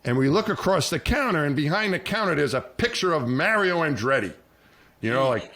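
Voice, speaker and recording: A man telling a long, animated story in casual podcast chat, acting out the people he quotes. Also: on the high side, fairly quick. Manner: animated, acts out quoted voices, many restarts. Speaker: podcast co-host.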